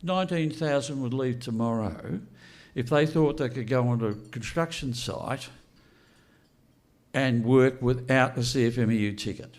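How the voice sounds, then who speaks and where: A man's voice: mid-range voice, normal speed, darkish tone. An older man giving a blunt, unscripted speech to an audience and asking rhetorical questions. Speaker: speaker at a political launch event.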